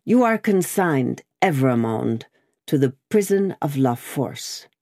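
A woman's voice: very deep voice, big pitch swings, slow pace, warm tone, no echo, clean studio sound, full character voice. A woman reading an audiobook, voicing a hard, stolid male officer who questions in a curt, cold way.

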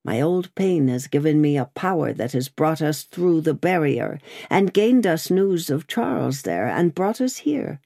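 A woman reading the part of an elderly male doctor who is calm and bold, speaking in a cool, confident way in an audiobook. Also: low-pitched, a little slow, creaky, few pauses, no echo, clean studio sound, exaggerated voice.

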